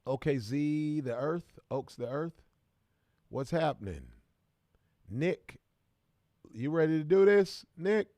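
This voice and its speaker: A man's voice: a little high, expressive, slow, long pauses, mellow, no room sound, studio quality. A man from Kansas City, hosting a casual livestream and greeting viewers by name in bursts of hype. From Kansas City, American Midwest. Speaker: livestream host.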